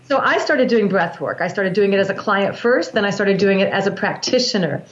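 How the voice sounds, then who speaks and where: A woman who works as a breathwork practitioner, explaining in a calm, measured way with frequent restarts. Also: mid-range voice, roomy sound, dull audio. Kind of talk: explanatory interview talk.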